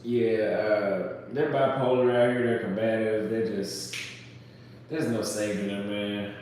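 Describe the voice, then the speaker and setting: A man's voice: on the low side, fairly even intonation, takes it slowly, a little mellow, a little hiss or hum. A man talking casually and bluntly, rambling and crude, mocking others by quoting them in put-on voices. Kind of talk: casual chat. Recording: echoey room, voice from far off.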